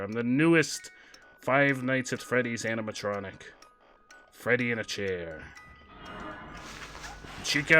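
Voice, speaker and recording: A man voicing a boisterous male pirate who growls "arr" and boasts loudly during livestream gameplay banter. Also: medium pitch.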